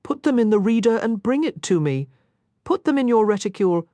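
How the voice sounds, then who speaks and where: A rough, harsh young street thief with a Cockney accent, as a woman narrator puts him on, menacing and desperate. The voice rides higher than her low reading voice and swings with a lively lilt. It sits close and dry, with no room sound. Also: fairly quick, dry recording.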